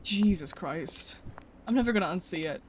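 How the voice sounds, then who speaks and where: This high-voiced, excitable guy streams live gameplay at a normal pace, keeping it casual while cursing and laughing often as he reads chat. Mouse and key clicks make the audio noisy.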